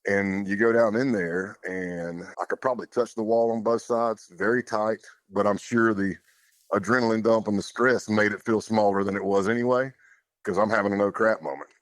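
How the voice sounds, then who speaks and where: Low-voiced man telling his story. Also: steady tone, moderate pace, no room sound. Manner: plainspoken, loose, with casual fillers. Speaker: podcast guest. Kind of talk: conversational storytelling.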